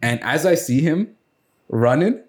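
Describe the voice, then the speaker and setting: A man's voice: a little high, measured pace. A man hosting a casual podcast chat with friends, telling stories and acting out the people in them. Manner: animated storyteller, acts out voices in anecdotes. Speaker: podcast host.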